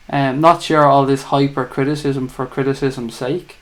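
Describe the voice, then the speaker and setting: A man's voice: medium pitch, little pitch movement, moderate pace. A man with an Irish accent hosting a live fan chat show, reading out viewer comments and bantering in a chatty, teasing way. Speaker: livestream host.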